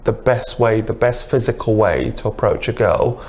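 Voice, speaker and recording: Chatty British man, low voice. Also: moderate pace, a little mellow. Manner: chatty and enthusiastic, explains with examples. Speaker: dating coach guest. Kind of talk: casual interview.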